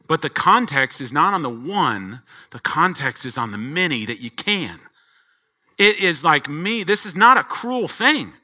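Middle-aged male pastor, sermon delivery, very bright ringing tone, lively swooping pitch, punches key words then drops low. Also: a little slow. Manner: animated preaching with sharp swings between loud emphatic peaks and quiet low asides.

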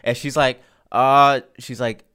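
A man's voice: mid-range voice, little pitch movement, slow, sharp tone, clean tone. A man hosting a podcast, telling a story in casual chat and acting out phone calls, laughing often. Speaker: podcast host.

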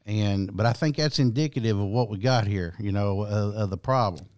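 A man's voice: fairly low pitch, normal speed, darkish tone. A man, hosting a podcast and telling a long profane story with many restarts. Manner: rambling, profane, frequent restarts. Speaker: podcast host. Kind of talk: casual storytelling.

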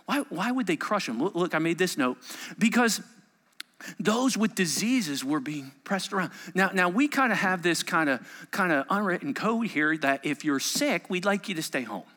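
A man delivering a sermon in a high, bright voice that leaps all over its range. He tells stories by acting out the characters, then drops to near-whispers. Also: normal speed. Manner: animated storytelling, acts out voices, swings from loud to hushed. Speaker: pastor.

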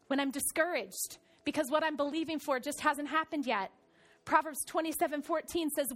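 A middle-aged woman pastor delivering a sermon in a church. Her voice sits high, and she tells her stories with energy, moving from quiet reflection to loud excitement. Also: normal speed, faint music behind. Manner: animated storytelling, swings from soft to loud.

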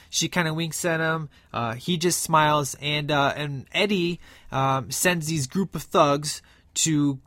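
A man's voice: on the high side, fairly bright tone, no room sound. A man giving an enthusiastic, rambling recap of a movie, with lots of filler words. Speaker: film reviewer.

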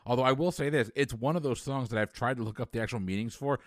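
A man's voice: mid-range voice, fast, no echo, studio quality. A man co-hosting a casual podcast, giving opinionated takes with jokes and fillers. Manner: opinionated, joking, hesitant fillers. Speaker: podcast co-host.

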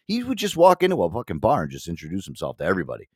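Talking very fast in a low voice, this middle-aged man co-hosts a podcast and spins casual stories about a friend, cursing often and imitating other people. The recording is dry and studio quality.

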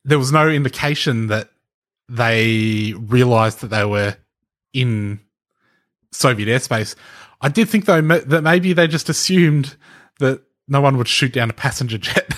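A man with a mid-range, slightly bright voice speaks at a measured pace. He's co-hosting a podcast and presenting research, casually explaining a story to his co-host as he thinks aloud, restarting sentences and laughing lightly.

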